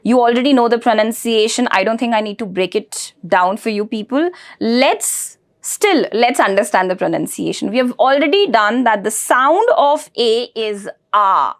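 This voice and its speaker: A woman teaching a pronunciation lesson, breaking words into syllables and repeating each one slowly. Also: on the high side, animated. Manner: slow, syllable-by-syllable with repeated drilling. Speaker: language teacher.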